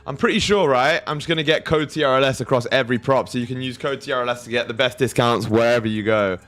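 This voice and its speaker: A man's voice: mid-range voice, fast, a bit bright. Crude, casual male livestream host. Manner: loose, crude, reads chat aloud.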